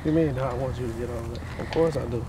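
A man's voice: medium pitch, fast talker, mellow. A sick man joking and teasing his partner in a casual family vlog. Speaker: vlogger's partner.

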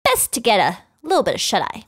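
Lady doing a chill young vlogger dude, slow and high, lots of ups and downs. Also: huge pitch swings. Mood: upbeat. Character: upbeat young male vlogger leader.

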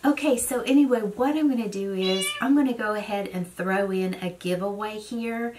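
A woman's voice: medium pitch, moderate pace, background noise. A middle-aged woman, chatting casually and rambling on as a beauty vlogger. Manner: rambling storyteller who goes on and on. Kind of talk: casual get-ready-with-me chat.

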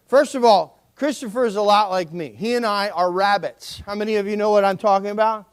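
A man's voice: sits high, brisk, clear, resonant tone. A male pastor preaching a sermon in an emphatic style and calling on the congregation to respond.

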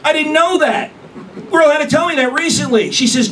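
A man's voice: extremely high pitch, normal speed, fairly bright tone. A man doing a crude, brash stand-up comedy set, recorded on a distant mic with room noise. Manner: brash, crude, punchy delivery.

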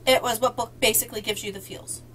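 Bubbly high-voiced woman from Indiana. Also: fast talker, faint music behind, low-quality recording. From North Central Indiana, US. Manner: bubbly, excitable, laughs often. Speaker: book vlogger hosting a book tag. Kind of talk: casual chat among friends.

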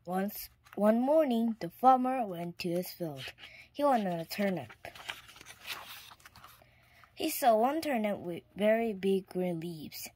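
A woman reading a children's picture book aloud in a clear storytime manner, now and then dropping to a whisper. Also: medium pitch, a little mellow, slight background noise. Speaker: storybook reader.

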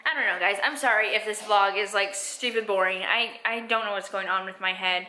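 A woman's voice: mid-range voice, steady tone, a little fast, sharp tone, low-quality recording. Tired young woman rambling in a vlog. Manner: rambling and self-deprecating. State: tired and drained. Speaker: vlogger. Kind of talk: casual vlog chat. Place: car and home.

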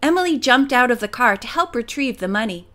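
A woman narrating a mystery audiobook in a clear, steady storytelling manner. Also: a little high, fairly quick. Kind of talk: audiobook reading.

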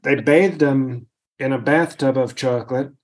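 A man's voice: medium pitch, a little slow, darkish tone, a little hiss or hum, close to an everyday voice. A man doing a comedic impression of a rambling, boastful older male politician who meanders, interrupts himself and drifts into tangents on a podcast. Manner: meandering, self-interrupting, digressive bragging.

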